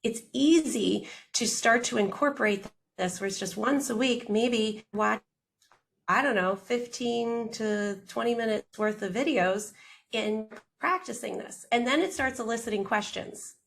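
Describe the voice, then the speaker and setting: A woman audiologist talking in a casual interview, lively and quick, acting out what her patients say. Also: on the high side, vocal fry. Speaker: audiologist guest.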